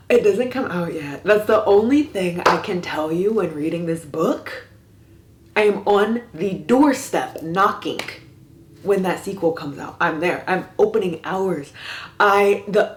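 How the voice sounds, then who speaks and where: A woman's voice: fairly low pitch, a little hiss or hum. A woman vlogging about books in a casual way, gushing with theatrical, exaggerated reactions. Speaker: book vlogger. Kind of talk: casual reading vlog. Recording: roomy echo.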